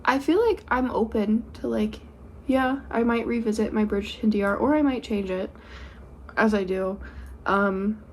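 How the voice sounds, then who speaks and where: Brief: young woman, mid-pitch, rambling and giggly co-host, faint hiss behind. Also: normal speed. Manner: rambling, giggly, full of fillers. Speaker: podcast co-host. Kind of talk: casual chat.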